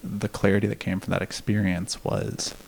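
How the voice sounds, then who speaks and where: A man with a somewhat low voice and a gravelly, fry-edged texture tells a personal story in a relaxed, candid way. He laughs now and then and swears freely as he talks. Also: normal speed, a little hiss or hum. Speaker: podcast guest. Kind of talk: casual storytelling.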